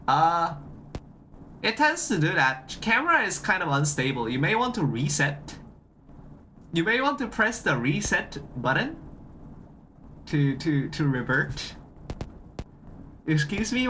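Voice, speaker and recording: A streamer talking casually on a desk mic. The voice is bright and forceful, and it swings up and down a lot as they greet chat, repeat each phrase and restart sentences. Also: medium pitch, slight background noise.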